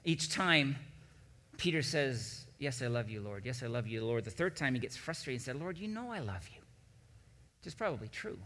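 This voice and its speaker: A male pastor delivers a sermon, his voice sitting at an ordinary middle pitch. He moves between calm, low stretches and forceful, climbing emphasis. His words ring out with a long reverb, as if in a large church sanctuary. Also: a little fast. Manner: preaching with swelling emphatic peaks.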